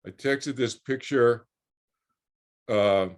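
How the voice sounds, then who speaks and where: A man's voice: medium pitch, extremely slow. A man in his sixties telling a personal story as a guest on a video call, rambling with repeated words and restarts. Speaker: guest speaker.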